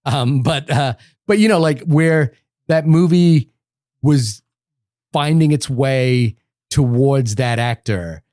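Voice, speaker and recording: A man's voice: medium pitch, slow pace, darkish tone, no room sound, studio quality. A man co-hosting a film podcast, talking in a rambling, enthusiastic way with many restarts. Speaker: podcast co-host. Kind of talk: casual film discussion.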